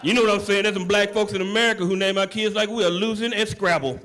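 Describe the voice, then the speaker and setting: A man doing a stand-up comedy set on stage, brash and animated, punching up his lines. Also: high-pitched, fast, background noise.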